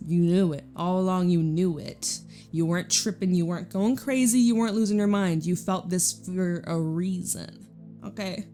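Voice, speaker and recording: A young Canadian woman does an intuitive tarot reading to camera, her lowish voice dark in tone at a normal pace, with faint music behind. She's chatty and casual, drawing out emphatic phrases.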